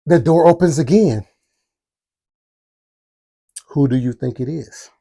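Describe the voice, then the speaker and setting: Warm-voiced animated storyteller man. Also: on the high side, takes it slowly, gravelly. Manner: animated, talks to the audience, acts out quotes. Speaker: podcast host. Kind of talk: storytelling podcast.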